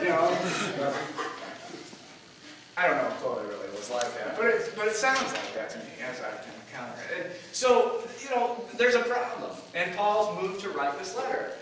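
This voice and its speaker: A man in his forties preaching a sermon, telling a personal story in a self-deprecating way with frequent filler pauses. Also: high-pitched, very animated. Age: 40s. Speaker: pastor. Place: church sanctuary. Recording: distant, very echoey church recording with noise.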